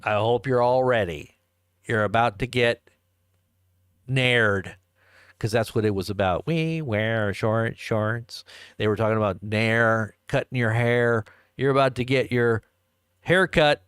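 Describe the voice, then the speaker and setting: A man's voice: medium pitch, steady tone, a little slow, a bit bright, clear, resonant tone, no echo, clean studio sound. A man hosting a live stream, rambling in a casual, joking way and chuckling as he answers chat. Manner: rambling, chuckling, jokey asides.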